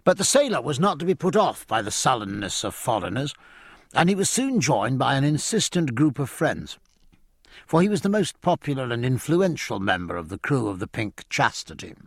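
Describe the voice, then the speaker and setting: A male audiobook narrator reads a scripted story in a measured, storytelling style, his voice in the mid-range. The recording is clean studio sound with no room echo.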